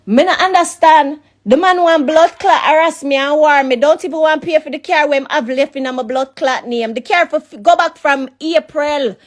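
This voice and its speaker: Woman, Jamaican accent, high-pitched, furious cursing voice-note rant. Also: normal speed, hardly any pauses. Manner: heated, cursing, repetitive. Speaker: person in a leaked voice note. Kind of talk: angry ranting voice note.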